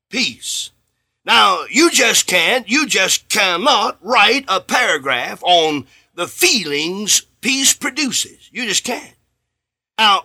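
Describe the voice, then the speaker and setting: A man delivers a radio sermon in a bright, piercing voice with a high, lively pitch. He preaches slowly and emphatically, rising to loud swells and sinking to near-hushed lines, and briefly acts out little conversations as he goes. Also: husky. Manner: acts out bits of dialogue in his sermon.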